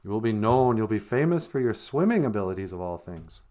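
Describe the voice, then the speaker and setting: A man's voice: fairly low pitch, very animated, brisk, dark tone. Gitchimanadu, a man as a patient creator spirit. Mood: instructive. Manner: patient, instructive. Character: wise fatherly male creator spirit, patient.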